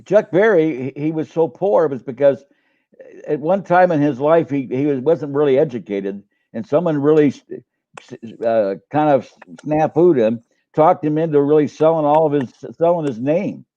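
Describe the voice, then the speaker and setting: A man's voice: fairly high pitch, normal speed, warm tone, lo-fi sound. An older man who works as a coach, chatting on a live stream in a rambling way with many restarts. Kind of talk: casual live-stream chat.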